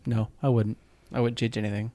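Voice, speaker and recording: A man's voice: fairly low pitch, little pitch movement, fairly quick, dark tone. A man co-hosting a podcast in casual chat, easygoing and agreeable, often answering with short "right" and "mm-hmm". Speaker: podcast co-host. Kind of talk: casual chat about musical theater.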